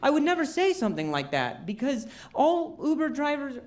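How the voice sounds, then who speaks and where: A man's voice: very high-pitched, wildly swooping pitch, moderate pace. A man who stutters performing a self-deprecating stand-up comedy set on stage. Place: comedy stage before a live audience. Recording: roomy live venue with background noise.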